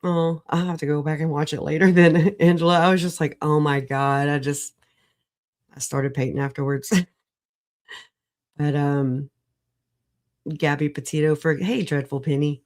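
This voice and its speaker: A woman on a livestream video call, recovering from an illness, talking in an animated, rambling way, laughing often and swearing. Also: sits low, moderate pace, pauses often. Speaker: livestream guest. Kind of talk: casual livestream chat.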